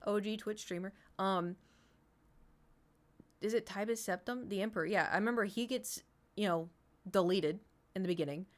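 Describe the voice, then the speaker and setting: A woman's voice: mid-range voice, normal speed, long pauses. A woman in her thirties, streaming and chatting casually, rambling through an anecdote and answering chat as she goes.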